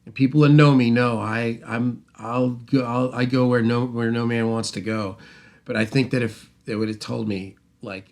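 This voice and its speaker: A middle-aged man tells a long story in a loose, casual way. He rambles and restarts, then acts out what other people said. His pitch is ordinary, neither high nor low. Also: normal speed, vocal fry. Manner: animated, rambling, with restarts and acted-out quotes. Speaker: host, mixing engineer.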